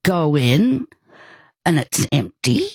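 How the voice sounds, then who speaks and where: An older woman telling a personal story as an interview guest, animated and often breaking off mid-thought. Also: low-pitched, takes it slowly, husky, dry recording. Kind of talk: conversational storytelling.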